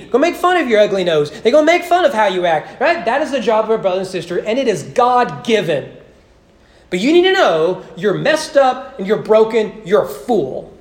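A man preaching a sermon in a church, conversational and full of rhetorical questions, slowing to a hush at key points. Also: sits high. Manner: conversational, keeps asking "right?". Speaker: pastor.

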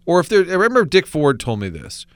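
A man hosting a podcast in a casual conversation, an animated storyteller who acts out the voices in his anecdotes. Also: on the high side, quick pace, no echo. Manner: animated storyteller acting out quotes. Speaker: podcast host.

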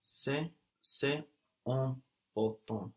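A learner in an audio language lesson giving short, soft answers after each prompt. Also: medium pitch, extremely slow.

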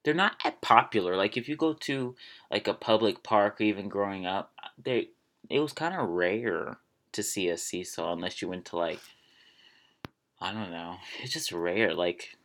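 A man's voice: on the low side, expressive, a little slow, a bit bright. A man from Maryland hosting his podcast, chatting casually and self-amused as he drifts off on tangents. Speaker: podcast host. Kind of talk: casual solo podcast chat.

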